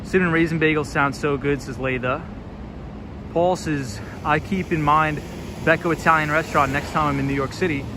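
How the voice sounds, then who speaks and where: A young man with a fairly high voice chats through a casual street livestream, reading out viewer comments and answering them in an easy, upbeat way. Loud traffic and city noise run steadily under his voice throughout. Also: steady tone, moderate pace. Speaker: livestream vlogger. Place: outdoors on city streets at night. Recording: street noise behind a loud outdoor stream. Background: loud traffic and city ambience.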